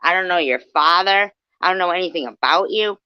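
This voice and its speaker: On a livestream, a woman rants profanely, swinging between yelling and low muttering in a brisk manner. The stream audio sounds dull and lo-fi, though her tone is clean and there is no echo.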